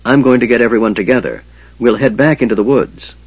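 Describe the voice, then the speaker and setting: A man's voice: medium pitch, fast, husky, no room sound, lo-fi sound. A man voicing an urgent, commanding male half-elf leader in a storybook reading, close to his own voice.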